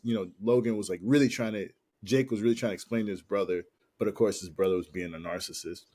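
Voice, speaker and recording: A man's voice: fairly low pitch, fast talker, a little mellow, husky. A man co-hosting a podcast, chatting casually in a rambling, slangy way and often repeating himself. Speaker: podcast co-host. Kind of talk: casual chat.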